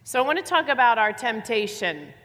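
A woman's voice: fairly high pitch, big pitch swings, a little fast, a bit bright. A woman preaching a sermon, speaking with emphasis, repeating her phrases and putting rhetorical questions to her listeners. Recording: long hall reverb.

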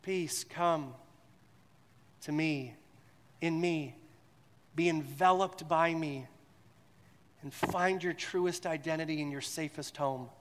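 A man in his forties preaches a gentle devotional sermon, his slightly raised voice carrying a long tail of reverb as if in a big hall. He repeats phrases slowly and lets them sink into near-hushed tones. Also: a little high, a little hiss or hum. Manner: slow, repetitive and soothing, dropping to a hush on repeated words. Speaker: pastor.

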